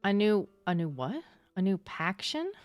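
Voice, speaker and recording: A woman's voice: medium pitch, unhurried, no echo, soft background music. Chatty young woman streamer, dry sound. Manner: chatty, excitable, swears casually. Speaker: livestreamer. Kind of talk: casual chat with live chat.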